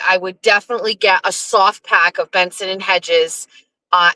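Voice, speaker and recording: A middle-aged woman hosting a casual live stream, rambling, profane and animated, talking from her car in a driveway. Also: mid-range voice, no echo, rough recording.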